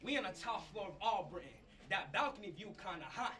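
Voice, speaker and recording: Male battle rapper, high and lively delivery, aggressive boasts, loud crowd behind. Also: fairly quick. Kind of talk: live battle rap verses. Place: upper-floor campus venue with a live crowd. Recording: distant mic with loud crowd.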